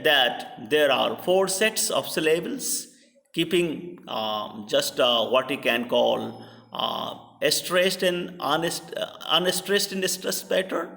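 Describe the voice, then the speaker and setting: A man with an Indian English accent lectures slowly and haltingly, filling pauses with "uh" as he works through his points. His voice is bright and fairly high, carrying a long reverb as if heard from across a big hall. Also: vocal fry, far from the mic. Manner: hesitant, many fillers and restarts. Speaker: literature lecturer. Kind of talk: classroom lecture.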